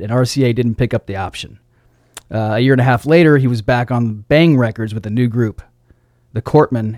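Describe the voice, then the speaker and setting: A man's voice: mid-range voice, a little mellow, no room sound. A man hosting a casual radio show on a studio microphone, reading record sleeve notes aloud in a laid-back way and chuckling at his own slips. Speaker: radio DJ host.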